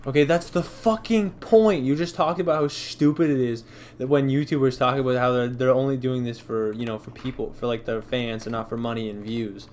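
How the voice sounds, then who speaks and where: A man's voice: mid-range voice, steady tone, brisk, a little mellow, slight background noise. A man hosting a live reaction stream who rants in a heated, profane way. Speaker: live-stream commentary host.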